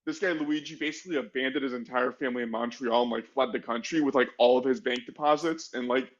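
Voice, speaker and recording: A man's voice: mid-range voice, steady tone, fast, highs cut off. A man co-hosting a podcast, telling a history story in a casual, chatty way, full of "like" fillers and self-mocking asides. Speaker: podcast co-host.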